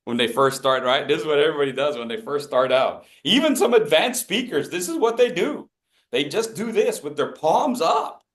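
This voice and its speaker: This speaking coach's male voice is a little high and moves at a normal speed. Leading an interactive workshop, he jokes with the group, stays animated and upbeat, and calls out instructions along with people's names.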